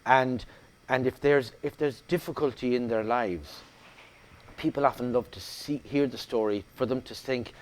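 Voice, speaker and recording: A man's voice: medium pitch, normal speed. A middle-aged Irish man, a guest actor, telling stories in a casual interview chat. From Ireland. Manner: animated storyteller, many restarts.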